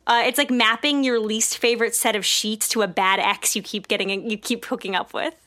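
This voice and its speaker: A woman's voice: fairly high pitch, fairly even intonation, a little fast, pushed and bright. A young woman co-hosting a comedy podcast, riffing on improvised bits and laughing easily. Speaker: podcast co-host.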